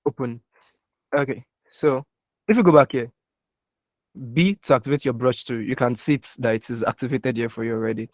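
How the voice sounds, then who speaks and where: A man's voice: medium pitch, a little fast, pauses often, no echo. A young man teaching a live online design class through a computer mic, often checking that students are following and spelling out keyboard shortcuts step by step. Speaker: design instructor. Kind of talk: live online software tutorial. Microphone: computer mic with keyboard taps heard.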